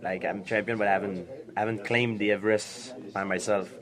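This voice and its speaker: A young man answering interview questions in halting, repetitive English, laughing easily. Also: fairly low pitch, fairly even intonation, a crowd in the background. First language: French. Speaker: interviewed fighter. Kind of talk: casual interview.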